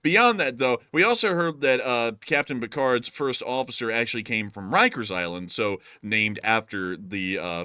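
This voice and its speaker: A man's voice: mid-range voice, no echo. A man with a Southern American accent co-hosting a casual, joking chat and riffing on bits with his partner. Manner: jokey, laughs often, puts on loud voices for bits. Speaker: co-host.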